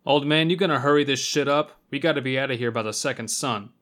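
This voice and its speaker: A man's voice: medium pitch, quick pace, fairly bright tone, lightly acted. A man doing a crude, impatient mercenary. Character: impatient rough male mercenary.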